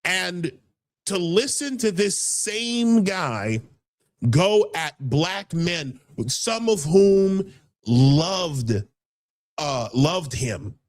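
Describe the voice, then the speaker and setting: A man's voice: fairly high pitch, lively intonation, drawn-out words, long pauses. A man hosting a casual political talk show, heated and rambling, often repeating words as he builds his point. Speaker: podcast host.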